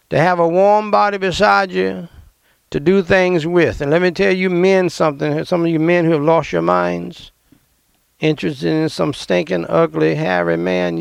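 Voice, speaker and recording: A man preaching a fiery sermon as pastor, emphatic and confrontational, with sudden loud outbursts. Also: a little high, gravelly, clean tone, no echo.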